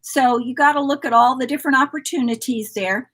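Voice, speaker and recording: Woman co-host, husky, losing her voice, chatty and encouraging. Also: high-pitched, fairly quick, a bit bright. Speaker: co-host of a store's live decorating chat. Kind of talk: casual chat.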